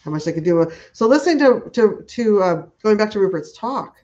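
A woman's voice: mid-range voice, animated, fairly quick, darkish tone. A woman guest talking enthusiastically in a conversational interview, rambling with many restarts and fillers. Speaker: guest who works with horses. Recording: dull lo-fi audio.

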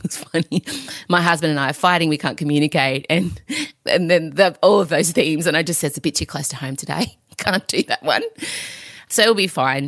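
Low-voiced tired woman podcast host. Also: a bit bright, no room sound. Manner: rambling, frank and emotional. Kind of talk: candid podcast chat. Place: home. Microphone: podcast microphone.

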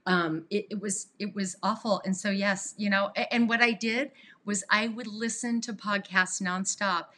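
A woman's voice: mid-range voice, steady tone, moderate pace, bright, forceful tone, a little hiss or hum. A woman guest on a podcast who coaches abuse survivors, talking earnestly and rambling with restarts. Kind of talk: emotional interview talk.

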